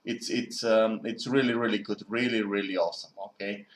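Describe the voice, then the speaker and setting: A man's voice: fairly low pitch, fairly even intonation, a little fast. Rambling man in an echoey room. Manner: musing, digressive, self-correcting. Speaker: student vlogger. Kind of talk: casual rambling monologue.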